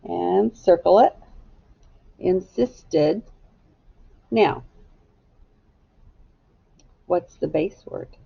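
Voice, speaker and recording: Woman, phonics teacher, slow, gravelly, patient and clear. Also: fairly low pitch, highs cut off. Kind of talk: phonics lesson for children.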